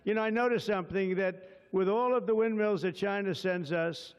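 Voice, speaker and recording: A man with a high-pitched voice delivers a rambling public speech at a bill signing, full of off-the-cuff asides and praise. His words ring out with long reverb and a dull, lo-fi sound. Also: normal speed, smooth.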